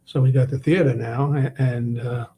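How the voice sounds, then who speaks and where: A man guest on a talk show, talking casually with a relaxed, halting manner. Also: medium pitch, a little hiss or hum. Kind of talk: casual chat.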